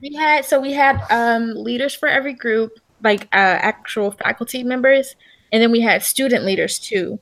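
A woman's voice: fairly high pitch, normal speed, a bit bright. A young adult woman from the United States, chatting expressively as the interviewee in a casual interview.

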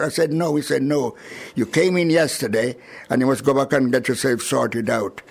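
An older man from Jamaica with a Jamaican accent, recalling his arrival in an oral history interview with chuckles and lively retelling. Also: mid-range voice, normal speed, creaky, slightly rough. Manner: chuckling, animated storyteller.

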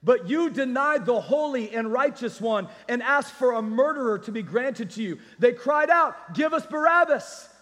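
A man preaching a sermon as pastor, energetic and calling out to the congregation. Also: very high-pitched, normal speed, few pauses, long reverb tail.

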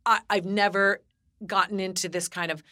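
Podcast co-host lady, bright voice, emphatic and teasing, dead dry sound. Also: medium pitch, fairly even intonation, moderate pace, no room sound. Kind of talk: casual chat.

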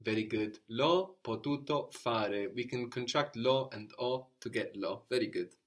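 A man's voice: medium pitch, steady tone, normal speed. A man teaching a language lesson step by step, patient and encouraging, spelling out words and praising answers.

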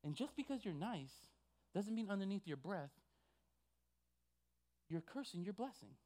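A male pastor preaching a sermon with passion, swinging from quiet asides to loud, emphatic exhortation. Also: high-pitched, big pitch swings, unhurried.

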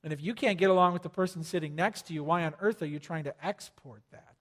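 Male pastor, high-pitched, chatty and humorous, booming on key points, hall echo. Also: fast talker. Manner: conversational, joking, rising to loud emphasis. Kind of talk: sermon. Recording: long hall reverb.

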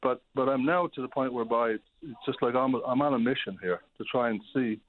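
Hoarse exasperated seventy-something man on the phone. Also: medium pitch, fairly quick. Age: 70s. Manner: exasperated, pleading, repetitive outbursts. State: hoarse, losing his voice. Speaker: caller, charity manager. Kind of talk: call-in radio complaint. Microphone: telephone. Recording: tinny phone line.

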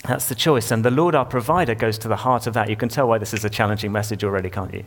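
A man's voice: on the low side, very fast, hardly any pauses. A male pastor preaching a sermon in a church, talking conversationally and putting questions to the congregation.

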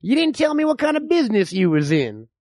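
A man voicing a nosy, rambling, bigoted old frontier man who talks in slow, folksy slang. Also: extremely high pitch, sing-song, darkish tone, no echo, studio quality, heavily acted. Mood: suspicious.

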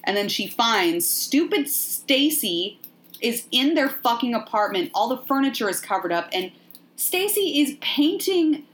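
A woman hosting a podcast, recapping a movie in a sardonic, profane, animated way. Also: on the high side, a little slow. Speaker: podcast host. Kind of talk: casual movie recap chat.

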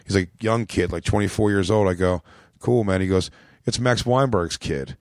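A man's voice: deep voice, moderate pace, darkish tone, no room sound, studio quality. A man with an American accent, a comedian telling a long backstage story in a rambling, profane way on a podcast. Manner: rambling, profane, acts out quotes in a raised voice.

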